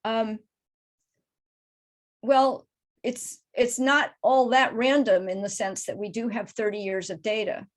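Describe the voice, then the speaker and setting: A woman's voice: fairly high pitch, fairly even intonation, slow, long pauses. A middle-aged woman, a crow researcher, answering audience questions after her talk over a video call in a thoughtful, explanatory way. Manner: thoughtful, explanatory, careful not to oversimplify. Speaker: crow researcher and guest speaker.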